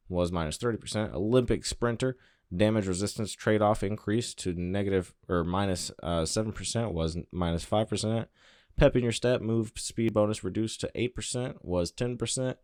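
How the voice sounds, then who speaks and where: Low-voiced man reading patch notes. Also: no room sound, studio quality. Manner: offhand, reads in flat bursts with quick asides. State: out of breath. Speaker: gaming channel host.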